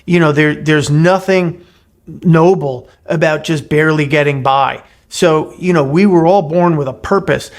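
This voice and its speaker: This podcast co-host has a somewhat high voice and talks earnestly in a casual chat, retelling a short fable. He often repeats words as he gets a sentence going.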